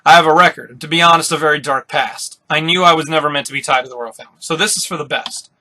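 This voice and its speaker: A man reading the part of a grave middle-aged father who confesses a dark past in a low, earnest voice. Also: quick pace. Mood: solemn.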